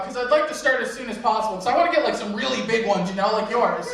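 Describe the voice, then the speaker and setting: Rambling storyteller in an echoey room. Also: male voice, very high-pitched, very fast, hardly any pauses, fairly bright tone, a little hiss or hum. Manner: rambling, self-mocking, laughs at own jokes. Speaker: open mic comedian. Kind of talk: storytelling stand-up. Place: convention panel room. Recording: echoey room heard from a distance.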